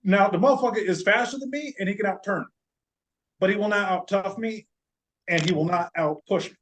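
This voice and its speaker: A man's voice: sits high, brisk, slight background noise, low-quality recording. Man telling a wild story. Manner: animated, profane, joking. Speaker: podcast guest. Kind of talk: casual storytelling.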